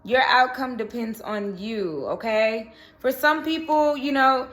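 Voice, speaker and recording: A woman's voice: on the high side, takes it slowly, fairly bright tone. Chatty woman reading tarot cards. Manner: chatty, repeats "okay?" and "you know". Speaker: tarot reader.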